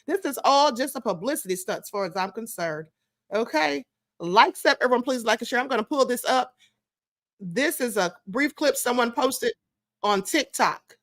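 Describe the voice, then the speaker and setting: A woman's voice: on the high side, expressive, normal speed, fairly bright tone, no room sound, studio quality. A woman hosting a live stream, giving sassy, scolding commentary straight to her viewers. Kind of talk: casual commentary.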